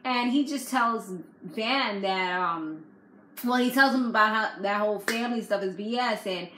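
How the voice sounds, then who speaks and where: A woman giving a casual, animated recap of a reality TV episode in a slangy storytelling way. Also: medium pitch, normal speed, a little hiss or hum. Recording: echoey room.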